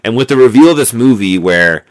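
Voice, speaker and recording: Speaking a little fast in an animated, mid-range voice, a male podcast co-host chats casually about a movie. He rambles, with plenty of fillers and restarts, captured on a noisy amateur mic.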